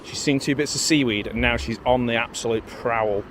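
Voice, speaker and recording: A man's voice: mid-range voice, fairly quick, fairly bright tone. A man rambling casually to a handheld camera and his dog while walking on a beach. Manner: rambling, self-mocking, talks to his dog. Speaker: vlogger. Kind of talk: casual walking vlog chat. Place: windy beach outdoors. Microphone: handheld pocket camera. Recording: faint wind and outdoor noise.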